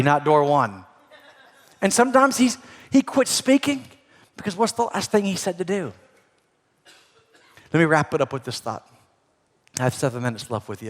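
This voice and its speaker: A middle-aged man preaching a sermon as a pastor, animated, swinging between loud emphasis and soft asides. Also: sits high. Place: church auditorium. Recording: long hall reverb.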